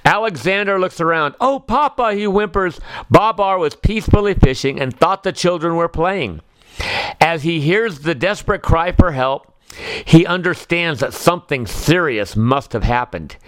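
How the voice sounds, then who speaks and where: A man narrating a children's storybook in a calm, expressive reading style. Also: fairly high pitch, no echo.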